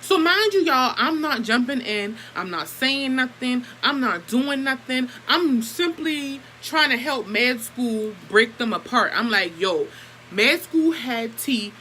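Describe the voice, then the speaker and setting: Animated young woman telling a story. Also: high voice, unhurried, few pauses, a little hiss or hum, low-quality recording. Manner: animated, expressive, swearing, acts out quotes. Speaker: vlogger. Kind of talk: casual storytelling to camera.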